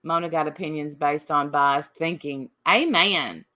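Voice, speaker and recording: A woman's voice: low-pitched, a little slow, bright, forceful tone. Combative woman livestreamer. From Appalachia. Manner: combative, reading and answering chat comments. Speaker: livestream host. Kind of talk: casual livestream chat.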